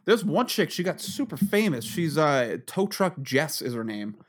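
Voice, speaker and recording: A man's voice: on the high side, big pitch swings, normal speed, breathy edge. A man chatting casually on a podcast, rambling and swearing, often laughing as he tells stories. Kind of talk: casual chat.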